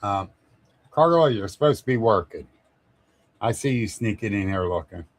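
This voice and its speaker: A man's voice: fairly low pitch, lively intonation, normal speed, no echo. A man hosting a casual live stream, rambling, chuckling often and greeting viewers by name. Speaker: livestream host.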